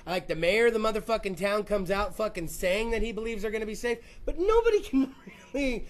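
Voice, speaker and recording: A man hosting a podcast, telling crude, rambling stories full of swearing and quick put-on voices. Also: sits high, animated. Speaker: podcast host. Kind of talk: crude comedic podcast rant.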